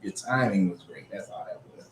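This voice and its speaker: A man hosting a casual commentary show, reading scripture aloud and reacting in an animated, profane way. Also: deep voice, a little fast, roomy sound, slight background noise. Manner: animated, profane, frequently laughing. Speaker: host.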